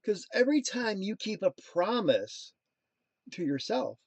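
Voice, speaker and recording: A man in his thirties hosts a casual motivational talk, with a high-pitched voice recorded dry and close. He wanders into playful, jokey tangents and then returns earnestly to his message. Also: expressive, slow pace, long pauses, a little mellow, slightly rough, no echo. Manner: playful, jokey asides, sings snatches. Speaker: motivational show host.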